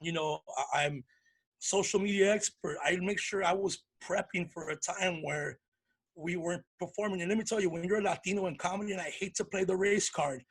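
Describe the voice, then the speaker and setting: A male comedian with a high, husky voice tells stories in a relaxed interview. He is animated and lively, jumping into the voices of the people in his stories. His talk is loose and conversational. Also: a little fast. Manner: animated, acts out voices in anecdotes. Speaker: comedian guest. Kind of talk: casual storytelling interview.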